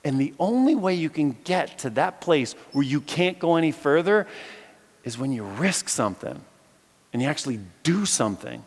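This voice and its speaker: A man preaching a lively sermon, acting out the voices in the story as he tells it. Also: on the high side, normal speed. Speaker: philosophy teacher giving a chapel message. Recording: echoey hall with long reverb.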